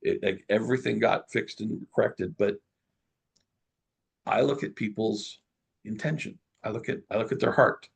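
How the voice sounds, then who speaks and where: A middle-aged man telling a story as a guest in an interview, lively and full of restarts. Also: fairly low pitch, normal speed, vocal fry, husky. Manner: animated storyteller, many restarts.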